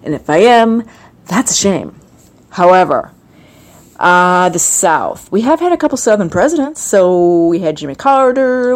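A woman talks through a casual comedic monologue with a chatty, rambling flow. Her pitch swings widely and animatedly as she goes, breaking into playful impressions. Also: big pitch swings, measured pace. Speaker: host.

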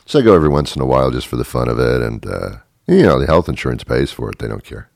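A man with an extremely deep, gravelly voice rambles through a comic radio monologue. He is dry and self-mocking and chuckles along the way. He is recorded close on a dead-dry studio mic. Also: sing-song, fast, darkish tone, no room sound. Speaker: radio show host.

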